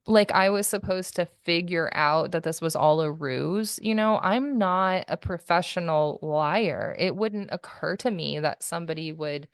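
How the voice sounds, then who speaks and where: A woman's voice: lowish voice, no room sound, studio quality. A woman guest giving a candid personal account in an interview, rambling and full of fillers like "like" and "you know.".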